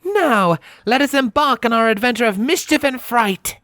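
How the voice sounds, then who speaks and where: A stately pony princess of the night, put on by a man reading a storybook aloud, speaking in archaic, formal phrasing. The voice sits high above his own and swings lively through each line, recorded dry and close. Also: moderate pace, dry recording, heavily acted. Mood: regal. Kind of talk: audiobook character voice.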